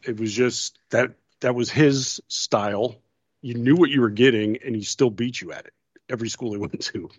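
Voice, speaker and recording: A man's voice: mid-range voice, normal speed, breathy edge, no room sound. Male co-host, anecdotal storyteller, dull and dry lo-fi sound. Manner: storytelling, quotes others with laughs. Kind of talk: casual chat.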